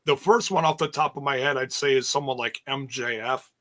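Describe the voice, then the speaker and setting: A man's voice: mid-range voice, a little fast, a bit bright. A man co-hosting a casual wrestling review show, laid-back and laughing as he retells moments. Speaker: podcast co-host.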